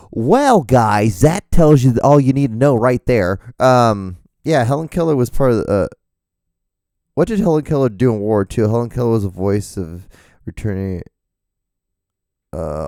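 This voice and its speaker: A man hosts a solo podcast, rambling, swearing, and making fun of himself as his voice grows tired. His pitch sits on the low side, with a dark, smooth tone captured in a dry recording.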